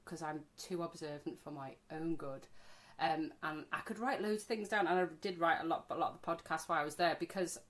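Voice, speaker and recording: A middle-aged woman co-hosting a podcast, telling holiday stories in a chatty, animated way and swearing freely. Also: low-pitched, brisk. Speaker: podcast co-host. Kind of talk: casual chat.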